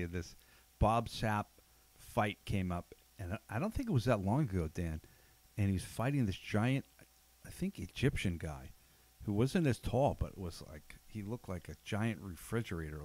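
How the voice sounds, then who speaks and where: A man's voice: lowish voice, normal speed, darkish tone. A middle-aged man hosting a podcast, chatting casually and telling stories with quoted asides. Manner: conversational, storytelling with quoted asides. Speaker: podcast host. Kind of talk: casual chat.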